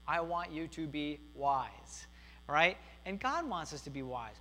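A man in his thirties preaching a sermon in a church, earnest and repetitive, swinging from emphatic declarations to hushed, gentle asides. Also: fairly high pitch, lively intonation, unhurried. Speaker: pastor. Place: church sanctuary. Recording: hall reverb with faint mains hum.

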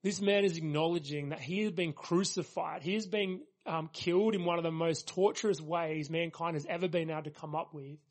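A pastor preaching a sermon, earnest and emphatic, leaning on repeated phrases for weight. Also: male voice, fairly high pitch, steady tone, a little fast, few pauses.

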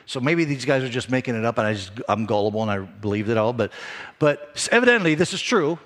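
A man preaching a sermon as a pastor, in a lively, conversational way with self-deprecating asides. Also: a little high, big-room sound.

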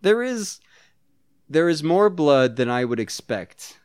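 A woman's voice: low-pitched, sing-song, takes it slowly, a little mellow, smooth, no room sound, clean studio sound. A woman co-hosting a podcast, trading sardonic, laughing banter about a movie. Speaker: podcast co-host. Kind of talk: casual movie commentary chat.

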